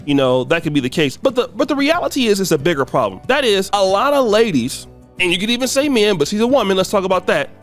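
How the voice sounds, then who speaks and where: A man hosting a casual reaction commentary, talking in an animated way and repeating words as he gets worked up. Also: fast, soft background music. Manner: animated, voice jumps high when incredulous. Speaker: commentary video host.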